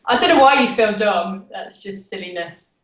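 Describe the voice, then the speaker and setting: A British woman chats easily as a guest on a video call, her voice at a middle pitch. She laughs often and turns questions back on the host. The sound is roomy, with noticeable echo. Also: expressive, normal speed, fairly bright tone, distant mic. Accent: British English. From United Kingdom. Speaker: guest actress. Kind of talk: casual chat.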